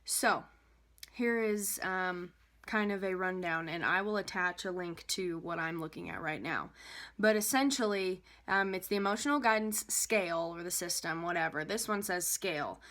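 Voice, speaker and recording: A woman's voice: normal speed, a bit bright. A young adult woman, a life coach, explaining an idea casually in a rambling way, with many fillers and restarts. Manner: acts out an anxious inner voice, rising in pitch.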